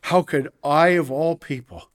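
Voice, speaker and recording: A man preaching a sermon from the pulpit, emphatic, swinging between hushed low passages and loud exclamations. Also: a little slow. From Canada. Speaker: pastor. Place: church.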